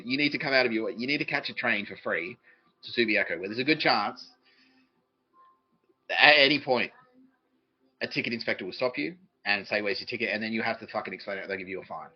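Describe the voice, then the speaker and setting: A man's voice: fairly low pitch, fast, pauses often, slightly rough, soft background music. A man hosting a podcast, ranting in a rambling, profane monologue and mocking people in put-on voices. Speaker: podcast host. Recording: dull lo-fi recording.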